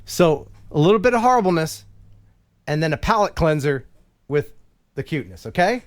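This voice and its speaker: A man's voice: on the high side, sing-song, normal speed. A man hosting a casual live stream, teasing his co-host with playful, laughing banter.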